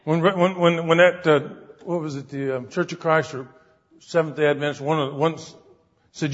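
A man's voice: on the high side, a little fast. A man preaching a sermon to a congregation, talking conversationally and turning emphatic, often asking the listeners questions. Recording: dull lo-fi recording with long hall reverb.

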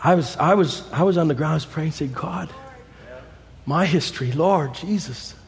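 A man preaching a sermon, swinging between quiet low passages and fervent shouting. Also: moderate pace, gravelly. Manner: shouting, rising fervor with quiet low stretches. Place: church sanctuary. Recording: long hall reverb, faint congregation.

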